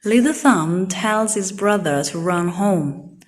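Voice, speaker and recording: A woman reads a children's storybook aloud, every word clear and simple. Her voice sits low, and she takes her time. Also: animated, slow, slight background noise. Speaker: storybook reader. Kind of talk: slow read-aloud for young learners.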